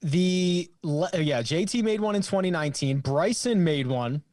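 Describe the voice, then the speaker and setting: Man, podcast host, joking questions, slightly high pitch, dry sound. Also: lively intonation, measured pace, a little mellow, no echo. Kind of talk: casual podcast chat.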